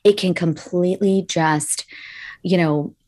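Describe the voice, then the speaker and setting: A woman's voice: on the low side, fairly even intonation, slow, warm tone. A woman co-hosting a podcast in casual chat, reacting with support and then reflecting thoughtfully.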